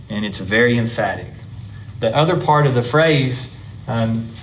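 Man, teacher leading a church class, conversational, middle pitch, faint room hum behind. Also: fairly bright tone. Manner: conversational, explains step by step, chatty with the class. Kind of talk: classroom Bible lesson.

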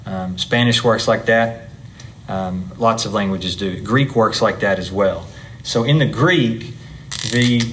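A man's voice: medium pitch, a little hiss or hum. Man teaching a Bible class. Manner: conversational, explains step by step, chatty with the class. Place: church classroom.

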